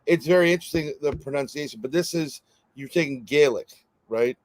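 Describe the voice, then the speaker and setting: A man's voice: a little high, brisk, no room sound. Man with a New York accent, chatty rambling host, dry close mic. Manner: chatty, rambling, jokey, many fillers. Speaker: podcast host. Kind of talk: casual interview chat.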